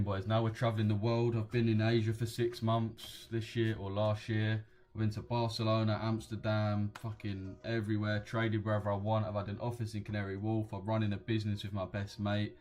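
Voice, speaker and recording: A young man, live-streaming forex trades and chatting casually with viewers, full of slang, calling them boys and mate. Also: lowish voice. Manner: slangy, laddish, addresses chat as boys and mate.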